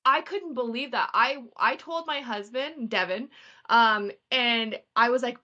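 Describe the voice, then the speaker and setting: A woman's voice: on the high side, a little slow. A young woman from Canada co-hosting a podcast, chatting casually and acting out the back-and-forth of her stories. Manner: animated storytelling, acts out quoted exchanges. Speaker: podcast co-host. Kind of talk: casual chat.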